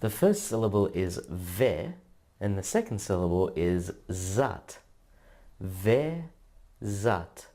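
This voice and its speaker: A man narrates a language lesson from a script, spelling out sounds in a measured teaching cadence. His voice sits low and mellow. He speaks very slowly and deliberately. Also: animated. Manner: slow, measured, drawn-out syllable drills.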